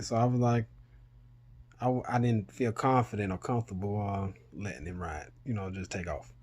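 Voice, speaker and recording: A middle-aged man recounts a story to his vlog viewers in a casual, animated way. He swears freely and keeps his pitch in an ordinary middle range. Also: normal speed, pauses often. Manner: animated, swears freely, rises in pitch when retelling panic. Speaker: vlogger.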